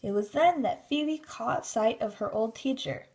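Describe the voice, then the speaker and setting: A woman narrating a children's storybook in a steady, expressive reading. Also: fairly high pitch, measured pace.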